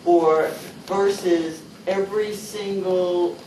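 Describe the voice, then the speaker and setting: Role: negotiator. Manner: skeptical, questioning. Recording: far off, roomy, some noise. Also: female voice, lowish voice, steady tone, takes it slowly, mellow. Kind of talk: contract bargaining session. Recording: distant, roomy meeting-room recording.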